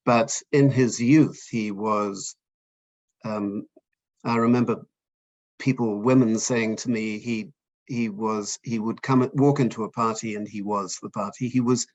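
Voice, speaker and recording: An older man from Fiji, an author talking in an interview, hesitant and self-deprecating with many pauses and restarts. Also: on the low side, fairly even intonation, a little mellow, muffled recording. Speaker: author guest. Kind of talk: conversational interview.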